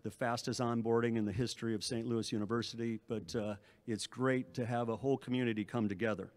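A man's voice: mid-range voice, steady tone, fast talker, a little mellow. A middle-aged man, an athletic director, speaking at a press conference, giving long thank-yous with frequent restarts and fillers.

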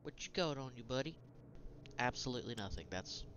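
A man's voice: medium pitch, lively intonation, fairly quick, muffled recording, background noise. A man giving casual, self-mocking commentary while playing a video game, swearing and laughing often. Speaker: gaming let's-player.

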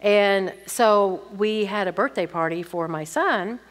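A woman's voice: mid-range voice, a little slow. An older woman teaching, reading audience questions aloud and answering them candidly with chatty personal stories. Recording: long reverb from a hall.

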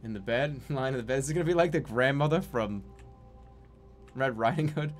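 A man's voice: mid-range voice, brisk, faint music behind. A young man giving casual, jokey commentary while playing a video game, easily exasperated. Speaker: streamer. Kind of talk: let's-play commentary.

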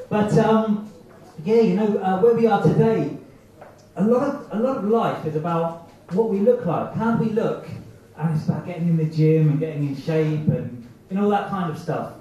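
A man's voice: high voice, normal speed, warm tone, recorded from a distance. A man doing a rambling, self-mocking stand-up set at an open mic night, acting out the voices in his head. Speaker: stand-up comedian. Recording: echoey, muffled amateur club recording from afar.

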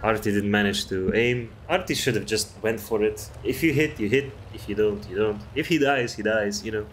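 Rambling, low-voiced male game commentator. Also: moderate pace, slight background noise. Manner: rambling, chatty, swears freely. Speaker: gameplay commentator. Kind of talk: casual game commentary over replays.

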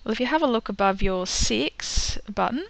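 A woman teaching a screen-recorded software tutorial, patient and step by step, with frequent ums. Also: a little high, expressive, normal speed, creaky, no room sound.

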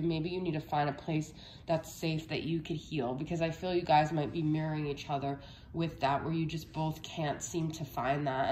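A woman's voice: low-pitched, darkish tone, reverberant, a little hiss or hum. A young woman giving a casual tarot reading, a little out of breath, chatty and reassuring, often checking in with "okay?". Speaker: tarot reader.

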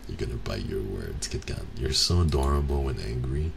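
A man streaming in a soft-spoken ASMR chat, teasing and playfully mock-offended with his viewers, close to the mic. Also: very deep voice, moderate pace, gravelly. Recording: steady background noise.

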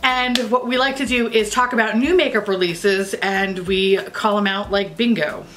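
A woman's voice: medium pitch, steady tone, moderate pace, a bit bright, slight background noise. A woman hosting a casual makeup vlog, tipsy and giggly, rambling playfully and swearing freely. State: tipsy from drinking. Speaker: beauty vlogger host.

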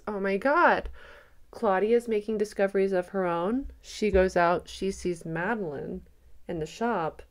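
A woman giving excited reaction commentary on a trailer, gushing and speculating aloud, breaking into gasps and squeals. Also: mid-range voice, a little slow.

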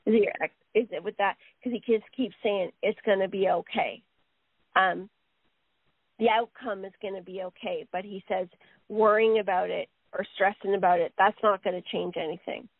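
A woman's voice: mid-range voice, steady tone, moderate pace, dry recording. A woman working as a psychic medium on a live radio show, relaying messages in a rambling way with frequent "he says.". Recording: phone-line sound, dry.

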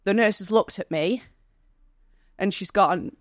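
A woman's voice: mid-range voice, measured pace, no echo, clean studio sound. Woman telling a raw personal story. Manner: candid, vivid retelling with quoted dialogue; emotional, near tears. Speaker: podcast guest.

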